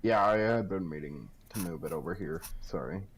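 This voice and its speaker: A man plays a tabletop game over voice chat. He speaks hesitantly and fills his pauses with uhs. His voice is fairly low, with a faint hiss in the background. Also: animated, poor audio. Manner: hesitant, with frequent fillers. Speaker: player.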